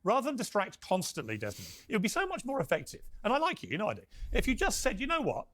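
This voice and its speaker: Man, TV debate host, assertive, interrupting, fast. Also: high voice, wildly swooping pitch, a bit bright. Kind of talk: televised panel debate moderation.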